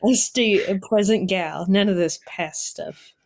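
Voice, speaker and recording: A woman's voice: mid-range voice, unhurried, vocal fry, a little mellow. A young woman co-hosting a casual podcast, ranting playfully and laughing often. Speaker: podcast co-host. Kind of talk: casual chat.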